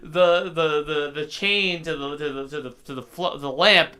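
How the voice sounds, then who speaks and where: A man's voice: on the high side, moderate pace, bright, forceful tone, clean tone. A man co-hosting a casual anime podcast, animatedly retelling scenes and acting out the characters' lines. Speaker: podcast co-host. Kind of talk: casual anime review chat.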